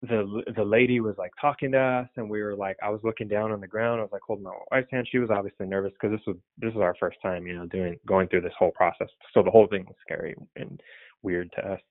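A man's voice: fairly low pitch, steady tone, quick pace, no room sound. A young man, a pastor, talking in a casual, rambling way and choked up with tears. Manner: emotional, tearful, rambling. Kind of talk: casual prayer-call talk. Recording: tinny phone line.

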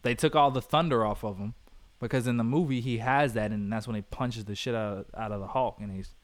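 Animated man chatting about a movie. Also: mid-range voice, fairly quick, no echo. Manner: animated, laughs often, acts out lines. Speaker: podcast co-host. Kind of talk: casual movie review chat.

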